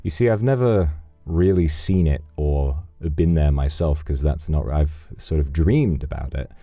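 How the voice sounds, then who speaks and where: A man's voice: rumbling low, unhurried, dry recording, soft background music. A man streaming, casually reading out donations in a teasing, flirtatious, rambling way. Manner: relaxed, rambling, with fillers.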